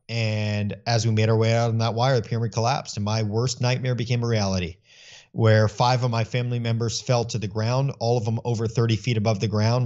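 A middle-aged man speaking earnestly in an interview, telling stories with animated voicing of his own thoughts. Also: mid-range voice, lo-fi sound. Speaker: guest. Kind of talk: conversational interview.

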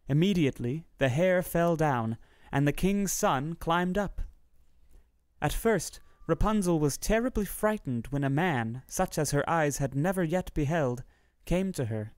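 A man narrating a fairy tale in a steady, measured storybook reading. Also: on the high side, dry recording, clean studio sound.

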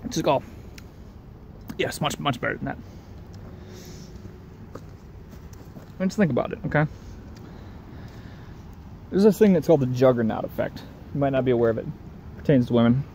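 A man's voice: medium pitch, animated, fairly quick, long pauses, mellow. Give me a man with an ordinary mid-range voice in a rambling, foul-mouthed monologue, with faint noise behind him. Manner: rambling, profane, repeats himself; chuckles between sentences. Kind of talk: casual monologue rant.

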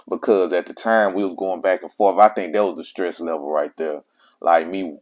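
Low-voiced man telling a personal story. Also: darkish tone. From Mississippi. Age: adult father of children. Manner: slangy, emphatic, repeats himself. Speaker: vlogger telling his own story.

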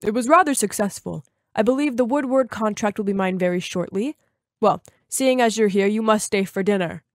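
A woman's voice: mid-range voice, fairly quick, no room sound, clean studio sound, natural voice. A woman voicing a busy businessman father who talks in a formal, self-important way. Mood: self-satisfied.

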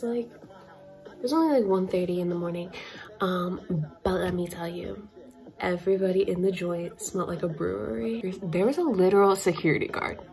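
A woman's voice: mid-range voice, darkish tone. Young woman vlogging, chatty storytime, lots of likes and little laughs. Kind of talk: casual storytelling vlog. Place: indoors, facetime-style talking to camera.

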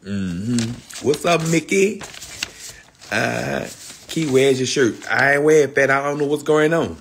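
A man hosts a livestream in loose, repetitive street slang, calling out viewers by name. His pitch sits in a middling range. A faint hiss runs under the recording. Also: lively intonation, takes it slowly, vocal fry, fairly bright tone. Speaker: livestream host. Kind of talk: casual livestream chat.

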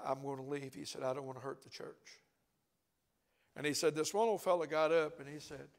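An older preacher delivers a sermon in church, spinning a folksy story. His voice is gravelly and sits a bit high for a man, and he talks in a conversational way.

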